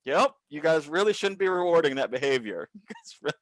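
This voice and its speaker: A man, a comedian, telling a workplace story over a video call, acting out the people in it with big pitch jumps and plenty of swearing. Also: fairly quick, no room sound. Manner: animated, profane, acts out quoted people with big pitch jumps. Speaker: comedian guest. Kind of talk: comic storytelling.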